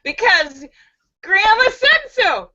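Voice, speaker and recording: An eager little boy who can barely contain himself, played by a woman in a told joke. His voice sits high and sweeps widely. The sound is slightly lo-fi. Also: big pitch swings, takes it slowly, pushed and bright, heavily acted. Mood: excited.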